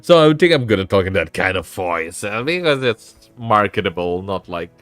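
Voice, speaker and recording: Man, sore throat, casual live-stream chat, rambling, restarts sentences, lowish voice. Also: very animated, moderate pace, a bit bright, soft background music. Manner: rambling, self-interrupting, laughs often. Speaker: VTuber streamer and host.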